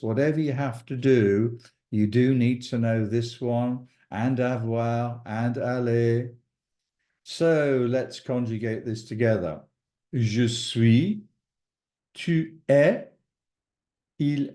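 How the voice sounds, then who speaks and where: A man's voice: mid-range voice, dark tone. A man giving a patient video lesson on French verbs, spelling out endings letter by letter. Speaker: French teacher.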